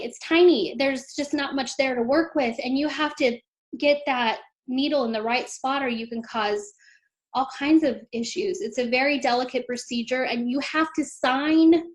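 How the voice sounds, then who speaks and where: A woman, a mother, recounting a painful experience in an interview, earnest and emotional, lifting her voice when she quotes others. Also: sits high. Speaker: mother telling her story. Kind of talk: interview storytelling.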